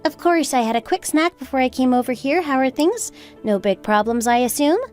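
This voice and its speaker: A woman's voice: high-pitched, animated, brisk, darkish tone. A woman playing a polite, friendly young building owner. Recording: faint background music.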